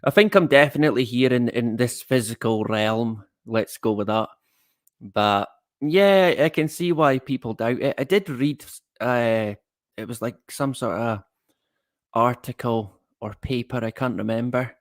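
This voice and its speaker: Slow, easygoing man chatting on stream. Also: mid-range voice, dry recording, studio quality. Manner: rambling and chatty, greets viewers, chuckles at his own jokes. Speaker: livestream host. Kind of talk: casual livestream chat.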